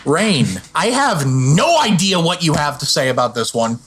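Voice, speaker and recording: A man's voice: on the high side, sing-song, moderate pace, noisy background. A man hosting a casual podcast chat, teasing his co-hosts and moving the discussion along. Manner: teasing, steers the questions. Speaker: podcast host.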